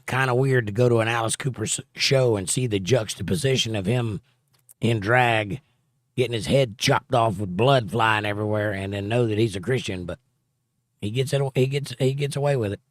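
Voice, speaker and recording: A man's voice: on the low side, normal speed, no room sound, studio quality. A man hosting a livestream, casually reading viewer comments aloud and answering them. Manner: reads viewer comments aloud and chats back in a relaxed way. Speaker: livestream host.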